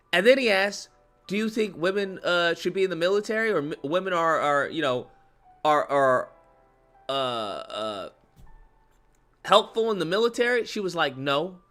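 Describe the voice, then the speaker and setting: A man's voice: sits high, lively intonation, normal speed, sharp tone, soft background music. A young man ranting animatedly as a YouTube commentator, slipping into exaggerated mock voices. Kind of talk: reaction rant.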